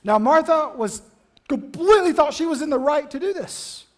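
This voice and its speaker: A man preaching a sermon, telling the story with animated, dramatic delivery. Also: extremely high pitch, moderate pace. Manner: animated storytelling, acts out the scenes. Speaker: pastor.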